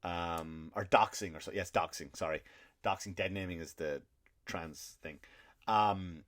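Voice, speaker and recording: A man's voice: sits low, unhurried, a bit bright. A male comedian hosting his podcast, telling a rambling, profane story with indignant asides.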